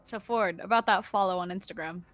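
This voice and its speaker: A woman chatting casually with her tabletop game group, animated and teasing, laughing often. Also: on the low side, a little fast, soft background music. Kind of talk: casual chat before a game session.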